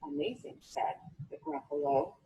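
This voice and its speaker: Woman playing gruff dim-witted storybook monster, big and lumbering, faint background hiss. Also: deep voice, very animated, a little slow, mellow, roomy sound, recorded from a distance, pitched below the performer's own voice, full character voice, poor audio. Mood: awed. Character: big clumsy monster, male, easily fooled.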